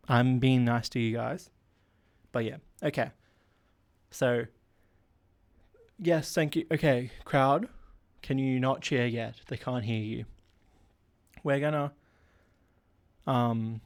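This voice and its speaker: A man hosting a casual solo podcast, rambling, giggling and running himself down. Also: mid-range voice. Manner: rambling, giggly and self-deprecating.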